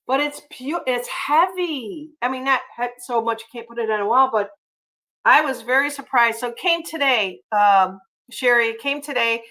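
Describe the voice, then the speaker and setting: A chatty woman hosts a casual livestream, reading viewer comments aloud. Her voice sits a little high and sounds bright and forceful, and she fills her pauses with ums and uhs. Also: lively intonation, low-quality recording. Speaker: livestream host.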